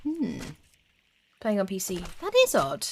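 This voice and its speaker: A woman's voice: mid-range voice, sing-song, a little slow, creaky, slight background noise. A woman streaming a game, chatting casually with her viewers and humming little tunes as she plays. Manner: chatty, talks to chat, hums little tunes. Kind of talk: casual live gameplay commentary.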